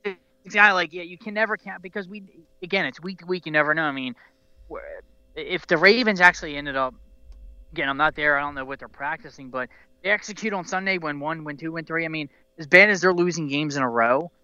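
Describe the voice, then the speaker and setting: A man's voice: on the high side, fairly quick, sharp tone, clear, resonant tone, no echo, muffled recording. A man hosting a casual sports talk show, rambling passionately like a devoted fan and restarting his sentences often. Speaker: podcast host.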